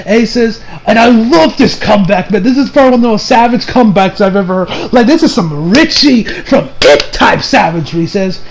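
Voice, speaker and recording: High-voiced excitable young man reviewing. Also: a little fast, gravelly, few pauses. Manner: excitable, profane, laughs often. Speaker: anime reviewer. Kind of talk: casual review commentary.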